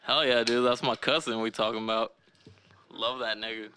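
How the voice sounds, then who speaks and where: A young man telling a crude comic story in an unhurried, deadpan way with fillers. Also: mid-range voice. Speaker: cameraman guest.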